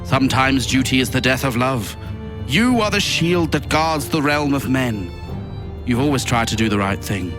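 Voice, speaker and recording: A man reading the part of a weary older male lord, in a low, subdued, earnest way, from a script. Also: animated, normal speed, music in the background, lightly acted. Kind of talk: reading a script scene aloud.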